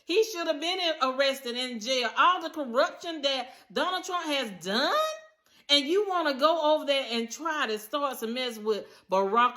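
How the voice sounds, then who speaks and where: A woman's voice: sits high, pushed and bright. A woman giving casual political commentary straight to her viewers, emphatic and chatty, calling on them again and again. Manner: emphatic, talks straight to viewers, repeats "listen" and "y'all". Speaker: commentary vlogger.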